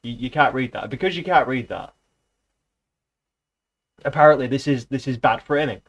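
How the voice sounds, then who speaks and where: A man's voice: medium pitch, moderate pace, highs cut off. Sweary man reading aloud. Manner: sarcastic, sweary rambling asides. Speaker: streamer reading a novel aloud. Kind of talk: casual reading aloud with commentary.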